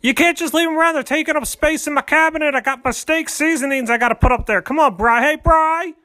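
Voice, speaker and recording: A man's voice: very high voice, quick pace, pushed and bright. A man voicing a rambling middle-aged stepdad who keeps pleading down the stairs with his stepson. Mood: nagging. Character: nagging middle-aged blue-collar stepdad.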